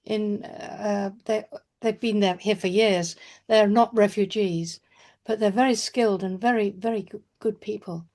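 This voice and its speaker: Older lady hosting a poetry zoom, gravelly voice, halting and searching for words. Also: medium pitch, fairly even intonation, darkish tone. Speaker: host. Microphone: video call.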